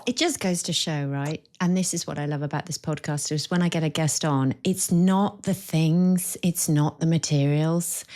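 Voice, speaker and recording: A woman's voice: sits low, darkish tone. A woman hosting a podcast, speaking in a reflective, conversational way. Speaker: podcast host. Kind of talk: casual chat.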